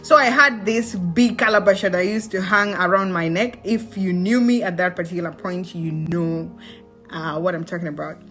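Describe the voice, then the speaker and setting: Woman, Kenyan accent, young adult, casual vlog storytelling, animated, faint background music. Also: on the low side, normal speed. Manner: animated, mixes in Swahili slang, laughs often. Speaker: vlogger.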